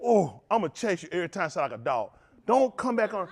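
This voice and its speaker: A male pastor preaching a sermon with comic stories, animated and joking, with bursts of shouting. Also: sits high, brisk. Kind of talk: sermon with comic storytelling asides.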